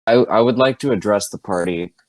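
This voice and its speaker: A man's voice: lowish voice, brisk, no echo. A man playing a tabletop game, hesitant and stressed, swearing often as he thinks aloud. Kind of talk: casual game chat.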